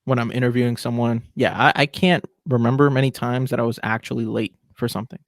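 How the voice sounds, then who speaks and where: A man's voice: medium pitch, steady tone, fast talker, no room sound, studio quality. A man in his twenties hosting a podcast, giving a chatty, opinionated rant in a casual style. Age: 20s. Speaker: podcast host.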